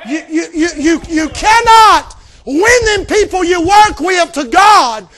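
A man preaching a fiery revival sermon in a folksy style, shouting often. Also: very high-pitched, expressive, slow, a faint crowd. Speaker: visiting preacher.

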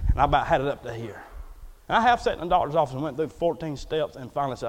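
A man's voice: a little high, sing-song, fast talker. A man preaching a folksy, storytelling sermon in a church, acting out the quotes as he goes. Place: church hall. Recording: echoey hall.

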